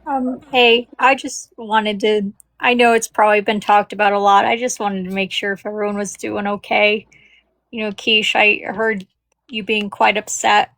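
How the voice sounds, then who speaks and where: A woman, gentle and caring, talking hesitantly on a live call. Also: medium pitch, little pitch movement, normal speed. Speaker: live stream guest. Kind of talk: casual chat.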